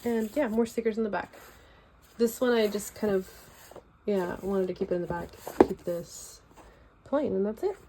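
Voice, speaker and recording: A woman's voice: medium pitch, normal speed, background noise. A young woman with a Californian accent, chatting casually and loosely while showing her sketchbook at home. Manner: chatty, loose and rambling with fillers. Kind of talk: casual chat.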